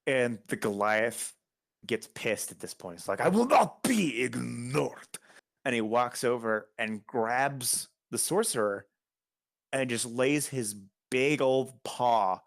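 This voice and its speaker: Male game master, mid-pitched, loose and descriptive, narrates a tabletop game. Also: steady tone, slow pace. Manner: loose, descriptive, chuckling storyteller.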